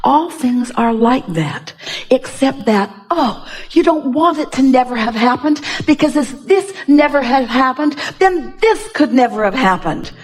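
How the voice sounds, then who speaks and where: A woman's voice: sits high, lively intonation, measured pace. A woman giving a live seminar talk, speaking emphatically to an audience member, repeating phrases and asking rhetorical questions. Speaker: spiritual teacher at a workshop.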